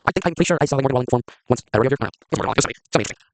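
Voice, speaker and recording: A man's voice: mid-range voice, animated, very fast. A young man from Texas, giving rambling, jokey commentary in a casual video and often breaking off mid-sentence. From Texas, USA. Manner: rambling, jokey, self-interrupting. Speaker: video creator.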